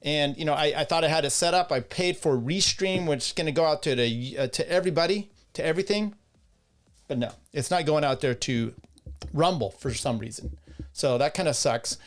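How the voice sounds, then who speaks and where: A man's voice: fairly high pitch, a little fast. A man hosting a casual solo livestream, rambling with restarts, crude asides and laughs at his own remarks. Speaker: host.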